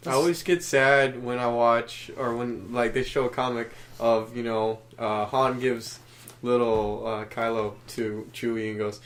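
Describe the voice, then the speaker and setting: A man's voice: mid-range voice, fairly even intonation, measured pace. A man hosting a gaming podcast in casual chat, making puns in a playful way. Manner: punning, playful. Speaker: podcast host.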